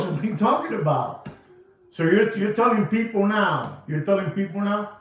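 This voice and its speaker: A man's voice: high-pitched, animated, moderate pace. A man from New York giving a watch market rant to camera in emphatic, repetitive, slangy sales patter. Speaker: watch dealer. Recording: echoey, distant, dull sound with music.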